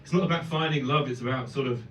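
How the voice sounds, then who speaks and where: A man doing an animated stand-up set, swearing and breaking into loud exclamations. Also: mid-range voice, fast, slight background noise. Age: 30s. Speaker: stand-up comedian. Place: comedy club stage. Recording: echoey club heard from a distance. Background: audience laughter.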